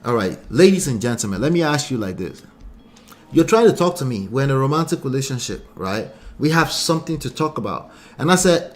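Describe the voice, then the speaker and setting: A man's voice: mid-range voice, sing-song, fairly quick, faint music behind. A man hosting a relationship livestream, reading viewer comments and answering with emphatic, repeated points and rhetorical questions. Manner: laughs often, mocks quoted lines in put-on voices. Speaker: relationship coach and channel host.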